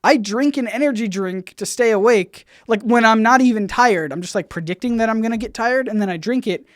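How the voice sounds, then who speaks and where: A man hosting a casual livestream Q&A, rambling and halting, full of fillers and restarts, with his volume bouncing up and down. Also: sits high, no room sound, studio quality. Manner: swings in loudness, bouncy. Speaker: YouTube channel host.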